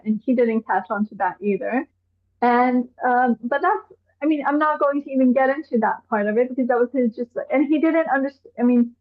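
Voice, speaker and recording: A high-voiced woman from Iran speaks as a guest on a live show, sounding animated and exasperated as she poses one rhetorical question after another. Her voice comes over a thin, phone-like video call line. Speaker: activist guest. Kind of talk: live online discussion. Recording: tinny phone-like call audio.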